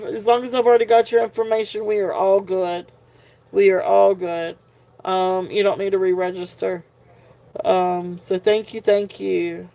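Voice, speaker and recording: Gravelly and a little mellow, this woman's mid-range voice carries a casual live jewelry sale. She is worn out and punch drunk, breaking into giggles again and again.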